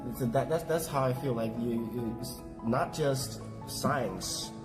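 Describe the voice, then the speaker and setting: A man, answering interview questions about his work in a halting way, searching for words. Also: medium pitch. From India. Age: 20s. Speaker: sign business worker interviewed. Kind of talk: casual interview. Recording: clear background music.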